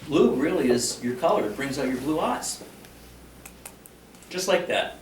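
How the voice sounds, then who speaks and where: A man's voice: fairly high pitch, a little slow. A man runs a workplace training in front of a live room, turning his teaching into jokes. He acts out sample remarks himself. The mic sits well back, so the room rings around his voice with a faint hum of ambience. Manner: joking, animated, acts out example lines. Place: meeting room with audience. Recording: roomy, mic far from speaker.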